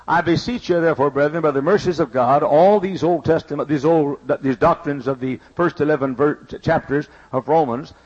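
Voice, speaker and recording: A man's voice: on the high side, moderate pace, few pauses, a little mellow. A man preaching a sermon in a folksy, storytelling way, repeating his points for emphasis. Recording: dull lo-fi recording.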